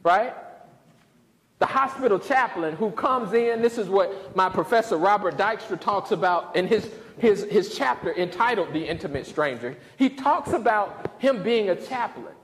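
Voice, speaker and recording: Animated man telling a story in a hall. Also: high voice, normal speed. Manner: lively, humorous, calls out to the audience. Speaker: lecturer. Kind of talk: storytelling lecture. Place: lecture hall. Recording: reverberant hall, faint noise.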